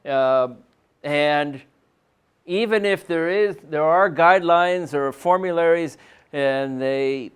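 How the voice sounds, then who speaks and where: Guy lecturing doctors at a meeting, smooth clear voice, chatty, keeps saying right?. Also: on the high side, slow. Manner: conversational, frequent "um" and "right?" tag questions. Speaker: psychiatrist presenting to a medical panel. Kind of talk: conference lecture. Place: meeting room.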